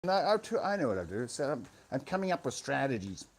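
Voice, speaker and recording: A man's voice: medium pitch, big pitch swings, fast talker. A man rambling through a live stream monologue in a sweary, self-mocking way, talking close into a phone. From Scotland. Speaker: vlogger. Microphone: phone held close to the mouth.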